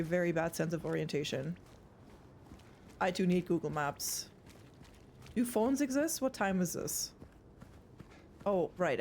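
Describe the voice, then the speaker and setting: A woman's voice: on the low side, a little mellow, a little hiss or hum. A young woman streaming a horror game, chatting casually with her viewers and swearing often. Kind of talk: casual live gameplay chat.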